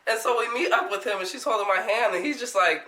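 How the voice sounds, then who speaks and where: A young woman vlogger telling a story in casual chat, animated, laughing often and swearing freely. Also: medium pitch, quick pace, echoey room, low-quality recording.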